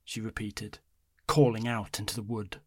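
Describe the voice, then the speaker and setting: Brief: male narrator, measured horror storytelling, dry close sound. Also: flat delivery, dry recording. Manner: measured, low-key storytelling.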